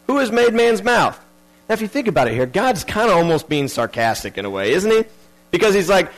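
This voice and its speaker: A man's voice: sits high, big pitch swings, brisk, rough recording. A man preaching a sermon earnestly, repeating key phrases and restarting his sentences.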